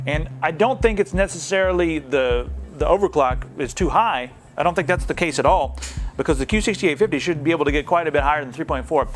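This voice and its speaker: A young man with a slightly higher voice hosts a casual tech Q&A, reading viewer emails and answering with jokes and playful asides. Faint music plays behind him.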